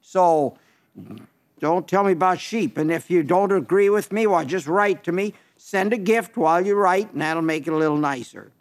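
Older guy preaching on the radio, high pitched voice, folksy, keeps hammering the same words. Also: moderate pace. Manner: folksy, emphatic storytelling with repeated phrases. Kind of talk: folksy radio sermon answering listener letters.

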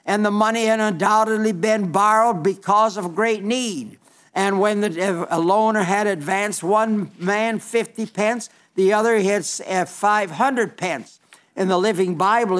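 Male preacher, high voice, earnest and emphatic sermon delivery, frequent restarts. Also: fairly bright tone.

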